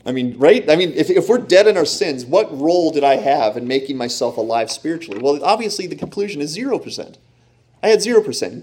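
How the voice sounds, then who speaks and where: A man preaching a sermon in a lively, animated way, often acting out the voices in the story he tells. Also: fairly high pitch. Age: young adult or middle-aged, father of children. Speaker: pastor.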